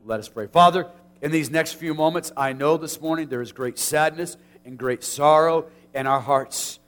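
High-voiced pastor preaching at a funeral. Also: male voice, fairly bright tone. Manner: earnest, heartfelt, with halting restarts. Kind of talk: funeral sermon with scripture reading and prayer. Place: funeral service.

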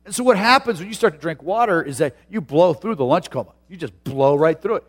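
A pastor preaching a sermon, moving from a chatty, personal tone into loud, drawn-out emphasis. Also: male voice, on the high side, expressive.

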